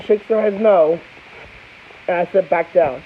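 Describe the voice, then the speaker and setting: A man's voice: high-pitched, a little slow. A young man from Florida telling a rambling, casual story to camera as a vlogger, full of restarts and asides. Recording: tinny phone-like audio with faint hiss.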